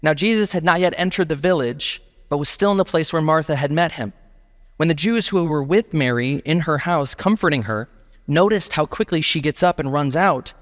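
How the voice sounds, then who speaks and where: A man's voice: a little high, in a large hall. A male pastor preaching a sermon in a casual, emphatic way, often saying "like". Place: church sanctuary.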